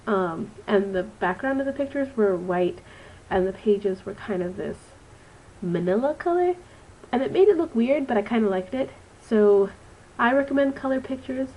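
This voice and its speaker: A woman's voice: on the high side, animated, moderate pace, darkish tone, poor audio. Chatty nasal young woman with allergies. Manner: chatty and rambling, with frequent ums. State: stuffy nose from allergies. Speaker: student teacher reviewing a book. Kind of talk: casual vlog book review.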